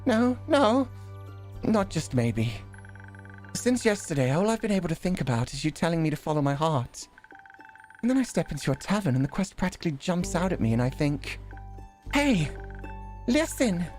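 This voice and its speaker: A man's voice: on the high side, sing-song, normal speed, long pauses, a little mellow, soft background music, pitched above the performer's own voice. A man voicing an eager young elf adventurer in a fantasy game who rambles and stammers nervously. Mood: excited rambling. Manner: hesitant, stammering, talks itself in circles.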